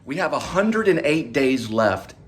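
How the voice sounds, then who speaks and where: A man's voice: medium pitch, big pitch swings, unhurried, husky. A man hosting a casual vlog outdoors, rambling along, joking and correcting himself as he goes. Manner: rambling, jokey, self-correcting. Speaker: vlog host. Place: outdoors near city traffic. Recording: outdoor traffic noise.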